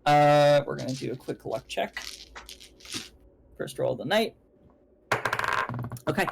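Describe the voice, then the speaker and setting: A young man narrating a tabletop game as game master on a stream, rambling with fillers and quick self-corrections. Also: on the high side, lively intonation, gravelly, heavy background noise.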